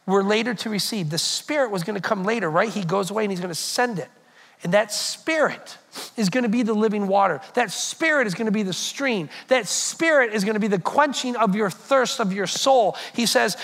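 A man preaching a sermon as pastor, telling stories and speaking directly to his congregation. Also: high-pitched. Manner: storytelling, animated, addresses congregation directly.

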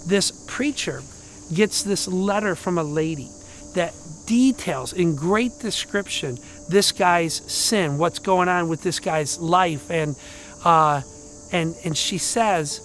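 Male pastor, higher-pitched voice, casual storytelling sermon, loud one moment and hushed the next. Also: slow, slight background noise. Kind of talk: conversational sermon.

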